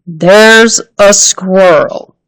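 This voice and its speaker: A woman's voice: fairly high pitch, very animated, voice pushed up. Woman doing a bossy, exasperated mom. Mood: insistent. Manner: slow, emphatic, over-enunciated. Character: exasperated bossy mother, insistent and blunt.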